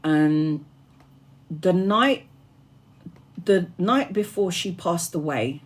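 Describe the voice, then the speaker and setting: A woman tarot reader shares a personal spiritual story on a livestream. Her voice sits a little low, and she talks earnestly and from the heart. She takes it very slowly and unhurriedly. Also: lively intonation, slightly rough.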